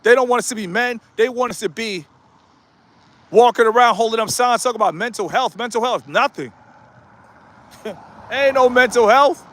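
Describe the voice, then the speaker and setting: High-voiced blunt man ranting outdoors. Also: moderate pace, pauses often, fairly bright tone. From United States. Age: 30s. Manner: blunt, repetitive, exhorting. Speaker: YouTuber. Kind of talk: live-streamed motivational rant. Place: outdoors in a residential neighborhood with passing cars.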